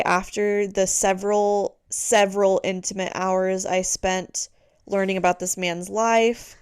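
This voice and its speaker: A woman's voice: medium pitch, clean tone, dry recording, clean studio sound. A woman co-hosting a podcast, chatting casually with lots of fillers and the odd swear word. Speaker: podcast co-host. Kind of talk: casual chat.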